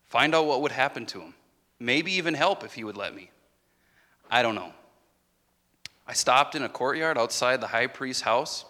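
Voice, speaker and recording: A man's voice: mid-range voice, lively intonation, brisk, sharp tone. A man delivering a dramatic first-person monologue as a disciple, anguished and confessional. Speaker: actor in a Passion monologue. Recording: reverberant hall.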